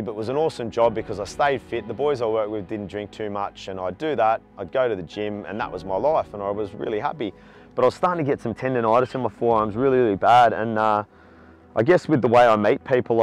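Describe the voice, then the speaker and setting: An Australian man in his forties, telling his own story in a candid, talkative interview. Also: lowish voice. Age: 40s. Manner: talkative, animated when retelling stories. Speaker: charity walker.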